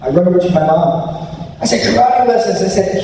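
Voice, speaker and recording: A man's voice: sits high, brisk, background noise. A man giving an anti-bullying talk at a school assembly, telling a personal story and acting out the quotes. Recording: echoey hall recorded from far off.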